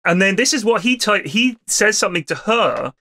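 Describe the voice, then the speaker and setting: A man's voice: high voice, normal speed. A man, a podcast host telling an anecdote in casual chat and acting out the quotes. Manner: animated, acts out quotes in character.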